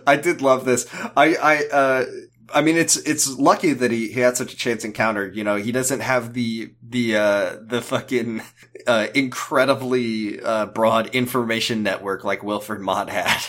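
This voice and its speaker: A man's voice: mid-range voice, fairly even intonation, moderate pace, fairly bright tone. Wry man co-hosting a recap podcast. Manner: wry, sarcastic jokes. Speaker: podcast co-host. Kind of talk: casual episode recap.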